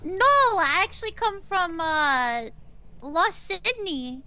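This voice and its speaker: High-voiced deadpan woman in a police roleplay. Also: slow pace. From Canada. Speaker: fellow police officer in roleplay. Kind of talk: roleplay chat in a game.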